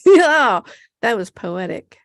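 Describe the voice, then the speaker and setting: A woman's voice: a little high, sing-song, drawn-out words, no echo, studio quality. A woman co-hosting a podcast, chatting casually and sarcastically about a TV episode, laughing often and swearing freely. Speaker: podcast co-host. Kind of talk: casual chat recapping a TV episode.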